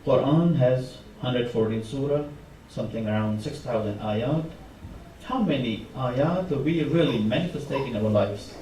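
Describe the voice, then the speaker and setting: Male preacher, mellow dark tone, impassioned delivery, distant mic in a reverberant mosque hall. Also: medium pitch, a little slow, slight background noise. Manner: impassioned, rising emphasis on repeated phrases. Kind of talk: sermon. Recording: echoey hall, mic from far off.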